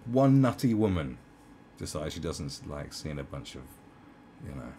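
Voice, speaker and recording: A man's voice: extremely low pitch, big pitch swings, measured pace, very noisy. A man giving crude, profane, rambling commentary in a ranting style. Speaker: online commentator.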